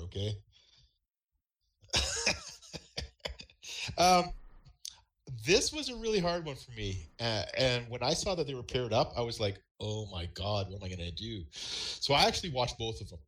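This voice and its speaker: A man's voice: mid-range voice, sing-song, normal speed, fairly bright tone. A man on a casual podcast panel who talks earnestly and hesitantly, repeating words while he thinks. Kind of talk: casual chat.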